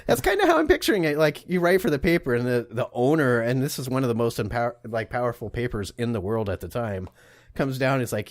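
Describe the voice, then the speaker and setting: A man's voice: medium pitch, very animated, quick pace, no room sound, clean studio sound. A man co-hosting a podcast, casually telling an odd history story with lots of jokes, swearing and laughter. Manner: profane, jokey, laughs often. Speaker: podcast co-host. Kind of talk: casual comedic history chat.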